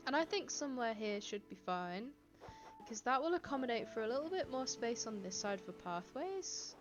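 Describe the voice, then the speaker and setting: A woman's voice: a little high, very animated, moderate pace, over music. Woman, casual streamer chat, giggly, desk mic, slightly dull audio. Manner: chatty, giggly, reads chat aloud. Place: home, indoors. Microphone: desk microphone.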